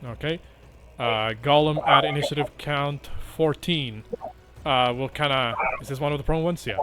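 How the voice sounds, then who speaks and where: A man's voice: fairly high pitch, a loud crowd. A man running a tabletop game as game master, narrating with frequent hesitations. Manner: halting, many "uh" fillers.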